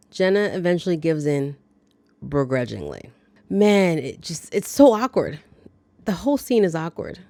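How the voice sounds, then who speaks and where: A woman hosts a casual movie recap, talking through scenes with playful asides and quick reactions. Her voice sits on the lower side. The recording is dry, with no room sound. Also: darkish tone, no room sound. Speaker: movie review host.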